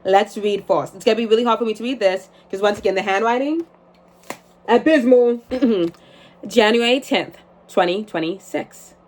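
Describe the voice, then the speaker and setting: A woman's voice: mid-range voice, normal speed. Young woman, 20s, casual vlogger, chatty and self-mocking, reads from her diary. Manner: chatty, swearing, laughing at herself. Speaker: vlogger reading her journal. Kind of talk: casual chat and journal reading.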